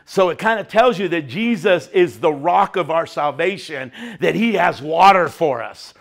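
Male preacher, high voice, lively conversational sermon delivery. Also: normal speed, vocal fry. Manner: animated, chatty preaching.

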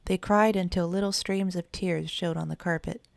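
Woman narrator, children's audiobook, low gravelly voice, dry close mic. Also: steady tone, no echo. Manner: measured storytelling.

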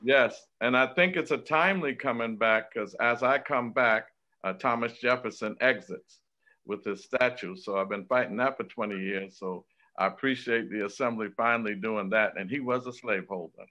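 A man's voice: mid-range voice, moderate pace, pushed and bright. A man speaks with emphatic, declamatory passion, testifying as a state assembly member. His mid-range voice comes through a muffled, lo-fi remote call feed. He punches key phrases with rising force. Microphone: remote video call. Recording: dull lo-fi remote call audio.

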